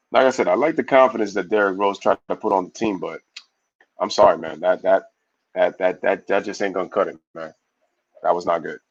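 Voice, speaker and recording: A man hosting a casual live sports stream, reading viewer comments aloud and giving shout-outs in a loose, slangy way. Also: low voice, muffled recording. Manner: loose, slangy, animated opinions.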